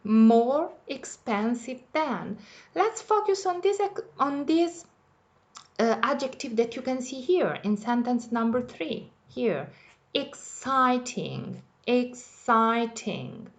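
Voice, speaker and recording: A woman teaching English grammar with an Italian accent, explaining each rule slowly and repeating it in her native Italian. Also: high voice, animated, darkish tone. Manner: patient, repeats each point in two languages. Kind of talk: bilingual grammar lesson.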